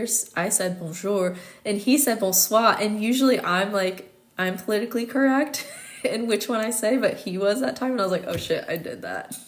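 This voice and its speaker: Chatty American woman, lowish voice. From United States. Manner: chatty, many fillers, laughs often. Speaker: host. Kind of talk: casual livestream chat.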